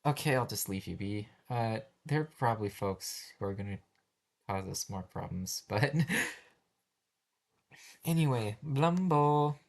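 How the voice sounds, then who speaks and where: In this amateur animation voice-acting clip, a man with a lowish, slightly mellow voice, lively intonation and vocal fry speaks a little slowly. He plays a flustered first-grade teacher taking roll call who stumbles, restarts his sentences and keeps apologizing, yet stays patient.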